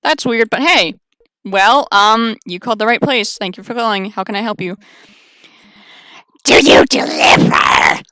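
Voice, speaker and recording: A woman's voice: mid-range voice, moderate pace, bright, forceful tone, clean tone, dry recording. A woman streamer reading a dating visual novel aloud, chatty and wry with sarcastic asides.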